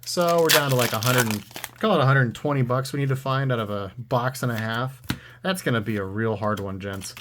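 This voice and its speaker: Male pack-opening host, sarcastic dry delivery, average pitch, light background noise. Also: a little fast, a bit bright. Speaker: trading card collector opening packs. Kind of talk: casual pack-opening commentary.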